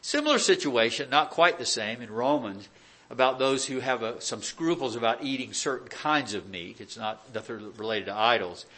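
Working through scripture verse by verse, this American preacher keeps his expository sermon conversational, tossing out rhetorical questions and dry sarcasm. His medium-pitched voice is expressive and a bit bright, with a breathy edge, at a normal speed.

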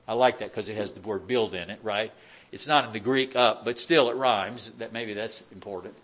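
A man's voice: fairly low pitch, moderate pace, fairly bright tone. A man preaching a verse-by-verse sermon in a conversational way, with rhetorical questions and dry sarcastic asides. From United States. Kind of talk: expository sermon.

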